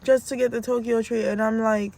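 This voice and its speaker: A woman telling casual, animated stories as a podcast host, acting out how she scolds her kids. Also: on the high side, a little fast. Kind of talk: casual storytelling.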